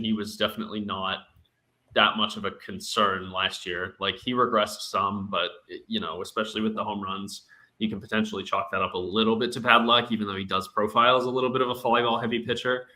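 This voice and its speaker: Bright-voiced man rambling about sports. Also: fairly low pitch. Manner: rambling, thinks aloud with many fillers. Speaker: podcast panelist. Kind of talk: casual sports talk.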